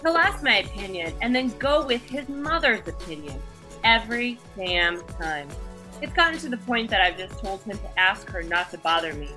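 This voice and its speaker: A woman hosting a podcast, reading listener questions aloud and giving her opinions in an animated way, laughing often. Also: medium pitch, normal speed, soft background music. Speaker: podcast host.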